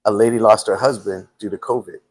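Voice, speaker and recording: A man hosting a live talk show tells a personal story casually, restarting often and acting out quotes. His voice is on the low side, steady, fairly quick, and has a breathy edge.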